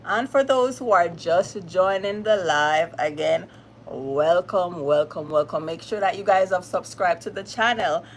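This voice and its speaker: A woman's voice: mid-range voice, moderate pace, few pauses, a little hiss or hum. A woman with a Jamaican accent hosting a casual livestream, greeting viewers by name in a chatty, upbeat way. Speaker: livestream host.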